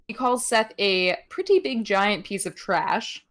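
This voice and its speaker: A young woman co-hosts a podcast, recapping wrestling in casual chat. Her voice is fairly high and her pace moderate with few pauses, and she fills it with ums, giggles, and animated voices when quoting.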